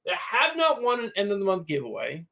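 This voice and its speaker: A man co-hosting a casual livestream about comics and beer, upbeat and quick to laugh. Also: high-pitched, huge pitch swings, gravelly, bright, forceful tone.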